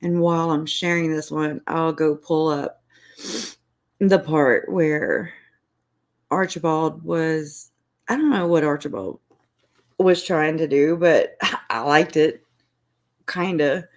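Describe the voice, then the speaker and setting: A woman's voice: sits low, slow, pauses often. A woman hosting a casual livestream, rambling and restarting her sentences, laughing between phrases, emotional and close to tears. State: tearful, emotional. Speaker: YouTube channel host.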